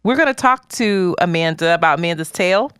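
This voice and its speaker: A woman's voice: lowish voice, expressive, a little fast, a bit bright, clear, resonant tone, no room sound. A woman co-hosting a podcast in a studio, teasing and laughing often in casual chat. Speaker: podcast co-host.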